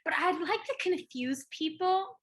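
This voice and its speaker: Bubbly high-voiced young woman. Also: lively intonation, a little slow. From United States. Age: young adult. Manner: bubbly, laughs often, many fillers. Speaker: podcast guest. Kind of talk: casual chat.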